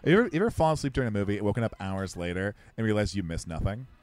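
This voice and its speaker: A young adult man co-hosting a podcast, talking through a film in rambling, self-deprecating casual commentary, quick and slurred, restarting his sentences. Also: lowish voice, expressive, darkish tone. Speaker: podcast co-host. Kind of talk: casual movie-watching commentary.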